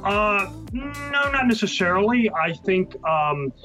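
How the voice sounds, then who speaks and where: A man answering interview questions as a guest author, halting and full of ums and restarts. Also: high voice, big pitch swings, bright, forceful tone, soft background music. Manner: hesitant, many ums and restarts. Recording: muffled lo-fi sound.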